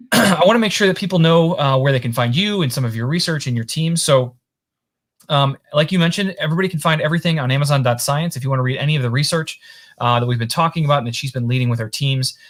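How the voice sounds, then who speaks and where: A man's voice: fairly high pitch, quick pace. A man hosting a casual interview over a video call, friendly, with hesitant restarts. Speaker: show host.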